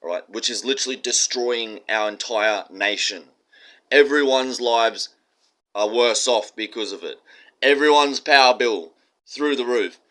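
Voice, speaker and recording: A man's voice: medium pitch, a little slow, pushed and bright. A man with an Australian accent delivering a heated, profane monologue with strong emphasis. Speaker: commentator.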